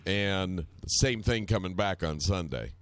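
Low-voiced man telling a profane story. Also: expressive, a little slow, smooth, no echo. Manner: rambling, profane, wry anecdote telling. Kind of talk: casual storytelling chat.

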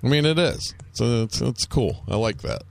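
A man's voice: mid-range voice, animated, normal speed, vocal fry, no echo. A man hosting a talk show, bantering in a crude, sarcastic way. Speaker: radio show host. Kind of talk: casual chat.

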